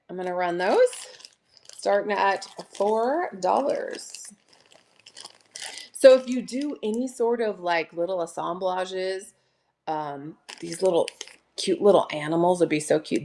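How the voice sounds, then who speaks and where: A woman hosting a casual live sale from home, chatting warmly and gushing over each item. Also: medium pitch, slight background noise. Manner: chatty, gushing, addresses viewers as "you guys". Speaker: online live-sale seller. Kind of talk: casual live-stream selling chat.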